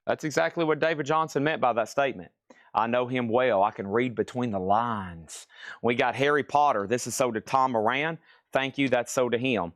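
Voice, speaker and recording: A man hosting a live record sale stream, rattling off items and prices in brisk patter with wry asides. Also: mid-range voice, a bit bright, no room sound, studio quality. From Tennessee. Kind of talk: live-stream auction calling.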